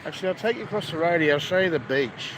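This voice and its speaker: A man's voice: fairly high pitch, animated, very fast. A man from Australia with an Australian accent, live-streaming casually as he walks outdoors. He talks bluntly and swears a lot. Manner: blunt, crude, swears heavily. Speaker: travel vlogger. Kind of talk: casual live-stream chat while walking. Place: busy street outdoors, by the beach. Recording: loud street and traffic noise. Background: traffic and street ambience.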